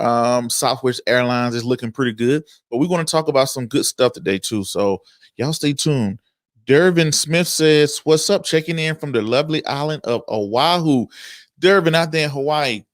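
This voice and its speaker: A man hosting a stock market livestream talks in a loose, chatty way. He greets viewers by name and reads their comments before explaining the day's market moves. His voice sits at a middle pitch and sounds dry and close to the mic. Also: no room sound. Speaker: host of a stock market show. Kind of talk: casual livestream market talk.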